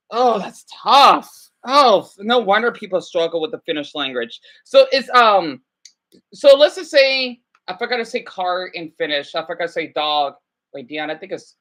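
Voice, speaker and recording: Woman streamer, casual chat, talks in restarts and exclamations, bright edge to the tone. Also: a little high. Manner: chatty, self-correcting, full of exclamations. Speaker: livestreamer.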